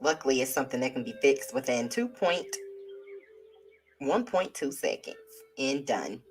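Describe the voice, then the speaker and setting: A low-voiced woman hosts a live tarot reading stream from home, chatting loosely and animatedly with viewers. She calls them y'all and child, and faint music plays under her talk. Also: animated, normal speed. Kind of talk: casual live-stream chat.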